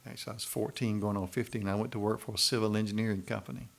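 A man's voice: on the low side, fairly even intonation, rapid-fire, gravelly. A man with a Southern US accent preaching a sermon in a conversational, pleading way, often asking the audience questions. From Macon, Georgia, US South. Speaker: pastor.

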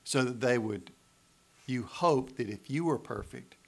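A man's voice: mid-range voice, unhurried, gravelly. A man preaching a sermon, speaking in a folksy, conversational way and often asking the congregation "right?". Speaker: pastor.

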